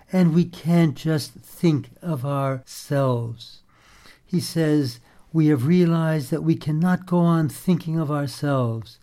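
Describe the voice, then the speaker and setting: A man preaching a sermon in a measured, prayerful way, quoting scripture and a papal address. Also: fairly high pitch, mellow.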